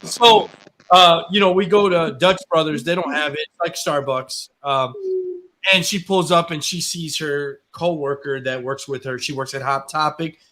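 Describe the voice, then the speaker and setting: Animated high-voiced storytelling man. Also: moderate pace, slight background noise. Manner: animated storyteller, exclaims in disbelief. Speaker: co-host. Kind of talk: casual radio chat.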